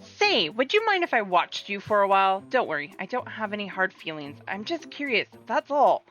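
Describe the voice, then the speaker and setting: A woman plays a proud young rival fighter with a Southern drawl, a sore loser who turns slyly curious. Her voice is bright and sharp, swooping widely in pitch. Faint game music plays behind her. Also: sing-song, moderate pace, lo-fi sound. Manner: indignant, then slyly curious. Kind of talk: voicing game dialogue on a live stream.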